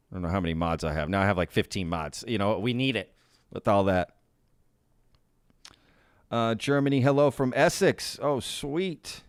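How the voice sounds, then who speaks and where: A man's voice: medium pitch, clean tone, no room sound, clean studio sound. A man hosting a casual live stream, reading viewers' chat aloud, upbeat and laughing often.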